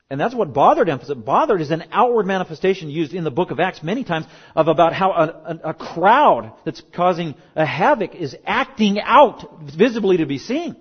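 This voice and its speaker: A man's voice: sits high, husky. A middle-aged male pastor giving a sermon in an emphatic, conversational way, with joking asides. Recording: dull lo-fi recording.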